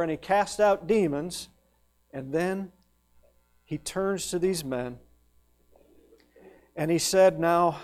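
Slow, emphatic male preacher. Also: a little high. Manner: emphatic, swings from loud rising peaks to soft hushed questions; slow, drawn-out delivery on lists. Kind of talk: sermon.

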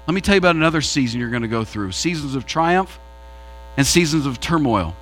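Bright-voiced male pastor preaching. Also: expressive, fairly quick, slight background noise. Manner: preaching with sweeping shifts in pitch and pace. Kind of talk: sermon.

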